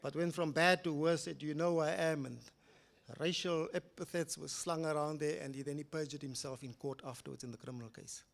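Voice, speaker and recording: An older man with a South African accent giving a public lecture, telling a case as a story, swinging between loud emphatic rises and quiet low asides. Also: steady tone, fairly quick, vocal fry. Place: lecture hall.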